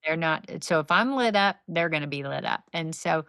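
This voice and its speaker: A middle-aged woman guest telling lively, faith-based stories and acting out what people said in casual conversation. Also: sits low, moderate pace, no room sound. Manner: animated, faith-based storytelling with acted-out quotes. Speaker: podcast guest, nonprofit founder. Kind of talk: conversational storytelling.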